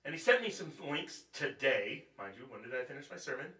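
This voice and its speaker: Bright-voiced joking preacher in echoey church. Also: male voice, medium pitch, very animated, a little fast. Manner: joking, conversational, quizzes the audience. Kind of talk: Bible study teaching. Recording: echoey room, distant mic.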